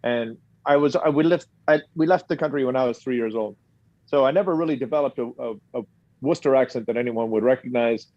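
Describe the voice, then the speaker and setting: A man with a neutral English accent rambles casually as a podcast guest. His voice sits at a middle pitch. The line sounds muffled and lo-fi, and the room is dry. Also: fast, no room sound. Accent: non-regional English. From England. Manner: rambling, hesitant, with many fillers.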